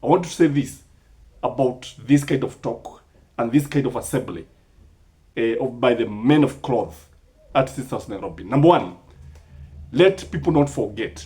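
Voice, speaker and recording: Kenyan man, impassioned commentator, slightly high voice, rhetorical questions. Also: darkish tone. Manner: rhetorical questions, emphatic, mixes in Swahili sayings.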